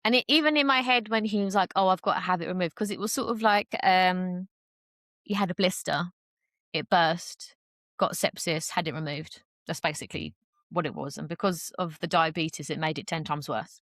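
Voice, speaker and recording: A woman's voice: on the low side, normal speed, fairly bright tone, no echo, studio quality. A young woman talking openly as a podcast guest, chatty and full of fillers, acting out the voices she quotes. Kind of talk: casual conversation.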